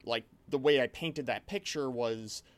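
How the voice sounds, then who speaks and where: Male game master, average pitch, rambling animated storyteller, casual chat. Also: measured pace.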